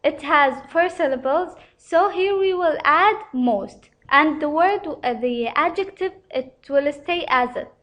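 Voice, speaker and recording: Slow, high-voiced woman teaching grammar. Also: lively intonation, fairly bright tone. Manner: careful, repetitive, pauses often with uh. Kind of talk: slow explanatory lesson.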